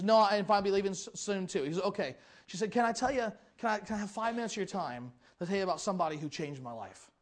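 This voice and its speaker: High-voiced fast-talking preacher. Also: male voice. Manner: animated, acts out quoted voices. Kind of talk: sermon storytelling.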